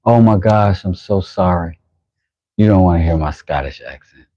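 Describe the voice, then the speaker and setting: A deep-voiced, husky man chats easily on a workshop livestream, greeting viewers and reacting aloud to what he is doing. His tone is warm and mellow, and the sound is dry and a bit dull, like lo-fi stream audio. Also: moderate pace, no room sound. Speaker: livestream host and knifemaker. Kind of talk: casual livestream chat while working.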